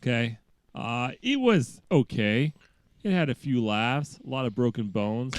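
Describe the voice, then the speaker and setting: A man's voice: mid-range voice, animated, measured pace, clean tone, no room sound. A man on a casual podcast, reading a news story aloud in a mock-serious delivery that keeps slipping into laughter.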